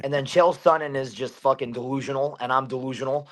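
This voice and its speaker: A man's voice: mid-range voice, fairly even intonation, quick pace. A man guesting on a podcast as a fighter, talking intensely and swearing often as he builds into a fired-up rant. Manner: intense, profane, rising to a pumped-up rant.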